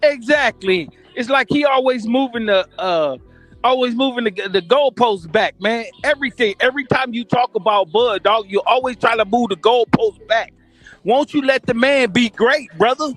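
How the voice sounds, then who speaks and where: A man's voice: very high voice, moderate pace, fairly bright tone, faint music behind. A man, a boxing coach, arguing casually on a call-in stream, pushy and repeating his points.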